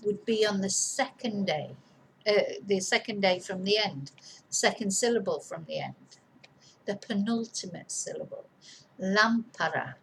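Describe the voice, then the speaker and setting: A woman teaching Spanish spelling at a deliberately slow, careful pace, dictating each word twice. She spells words out letter by letter and drifts into friendly asides. A faint hiss of background noise sits under her voice. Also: mid-range voice, vocal fry, fairly bright tone, rough recording.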